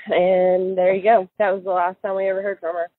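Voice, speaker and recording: A woman's voice: medium pitch, little pitch movement, fairly quick, dry recording. A woman recalling events in an interview, hesitant, with many fillers and restarts. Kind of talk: casual recorded interview. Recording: tinny phone-line sound, dry.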